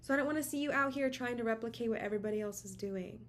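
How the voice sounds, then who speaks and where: A woman's voice: a little high, rapid-fire. A woman tarot reader giving a casual channeled message to camera from her home office, encouraging and emphatic, repeating words for stress. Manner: encouraging, repetitive, emphatic, chatty. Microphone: camera mic.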